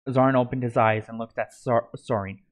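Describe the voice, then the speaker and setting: A male storyteller reading his own fantasy story aloud, stumbling now and then and starting words over. His voice sits at a middling pitch, and the delivery is plain and unpolished. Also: steady tone, a little fast. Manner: plain reading with frequent slips and restarts.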